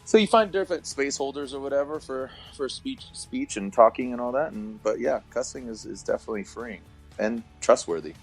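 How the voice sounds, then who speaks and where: Dude in his thirties rambling thru a story, lots of restarts, mid pitch, faint music behind. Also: fairly quick, gravelly, breathy edge. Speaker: guest. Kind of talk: casual podcast chat.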